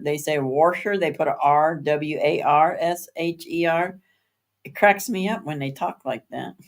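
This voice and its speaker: A woman with a low voice hosts a casual live stream from home using a streaming setup. She chats with her viewers, responds to their comments by name, spells out words and laughs frequently.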